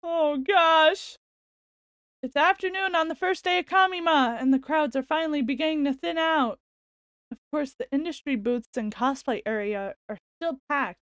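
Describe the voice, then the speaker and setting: A woman streamer reading a visual novel's narration aloud and exclaiming excitedly as she plays. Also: high-pitched, dry recording. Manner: expressive, quick to exclaim.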